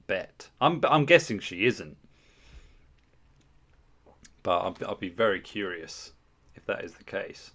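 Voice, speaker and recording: Streamer, low voice, sweary teasing banter, desk mic. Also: male voice, fairly bright tone. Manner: crude, swearing, mock-outraged banter with chat. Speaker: livestream host. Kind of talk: casual livestream banter.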